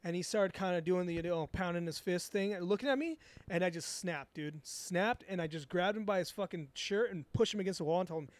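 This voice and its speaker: A man's voice: high-pitched, fairly quick, few pauses. A young man from Southern California, co-hosting a casual podcast chat and telling a rambling, crude story full of swearing. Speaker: podcast co-host.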